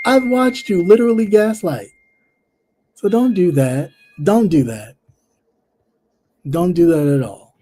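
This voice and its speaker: Sassy, blunt livestream host with a mellow voice. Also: medium pitch, lively intonation, a little slow, long pauses, a little hiss or hum. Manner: sassy and blunt, addressing a viewer directly; repeats phrases, trails off into soft fillers. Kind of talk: casual live-stream commentary.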